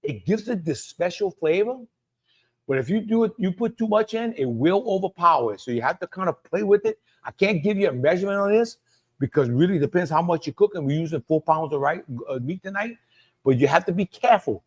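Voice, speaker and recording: During a live cooking demonstration, an animated Cajun host from Louisiana speaks fairly quickly in a voice slightly higher than the male norm. He chats freely, doubles back on his words, and names people in the chat as he works.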